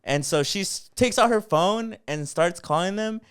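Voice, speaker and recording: A young man co-hosting a podcast, telling a story in a casual, animated way and swearing a lot. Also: sits high, normal speed, clean tone, no echo, clean studio sound. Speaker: podcast co-host.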